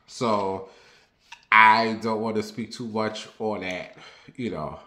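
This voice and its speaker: A young man chatting candidly to his viewers, confiding and rambling, then lively and sassy when he tells a story. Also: fairly low pitch, slow pace, slight background noise. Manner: turns lively and sassy when telling stories. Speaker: vlogger. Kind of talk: casual personal chat to camera. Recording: roomy echo.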